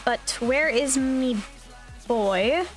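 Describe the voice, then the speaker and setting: A woman's voice: high-pitched, very slow, faint music behind. A young woman streamer chatting casually, upbeat and rambling with plenty of fillers. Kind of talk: casual chat.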